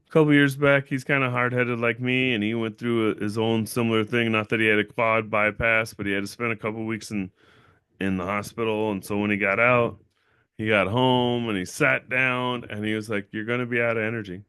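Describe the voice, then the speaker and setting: A man hosting a casual livestream, telling a story in a blunt, profane, animated way and acting out other people's voices. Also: fairly low pitch, moderate pace, clear, resonant tone, no echo, studio quality. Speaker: channel owner and host.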